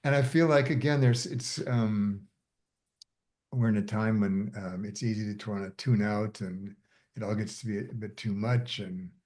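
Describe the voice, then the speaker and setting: A middle-aged man facilitating a coaching session, speaking softly and haltingly with many fillers. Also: on the low side. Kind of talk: reflective group discussion.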